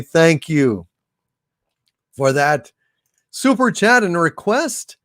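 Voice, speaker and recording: A man hosting a livestream, reading out viewer messages in a halting, sincere way with many pauses and repeats. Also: on the high side, big pitch swings, fairly bright tone, no echo, clean studio sound. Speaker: livestream host reading super chats. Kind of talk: casual livestream chat.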